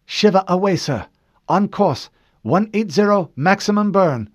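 A man doing a crisp female weapons officer. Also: sits high, lively intonation, unhurried, dry recording, clean studio sound, voice pushed up. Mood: dutiful. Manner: crisp, dutiful replies.

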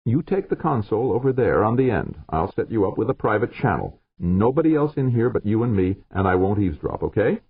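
A stubborn, rail-thin woman controller, put on by a male narrator, speaks curtly in a raised, gravelly voice. Thin, phone-like, dry sound. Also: on the low side, very animated, brisk, hardly any pauses, no echo, pitched above the performer's own voice, full character voice. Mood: grudging. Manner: curt, stubborn.

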